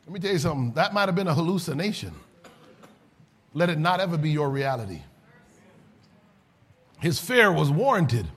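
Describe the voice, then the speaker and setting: Husky high-voiced preacher. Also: male voice, big pitch swings, moderate pace, long pauses. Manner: rising to shouts, then dropping low and soft. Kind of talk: sermon.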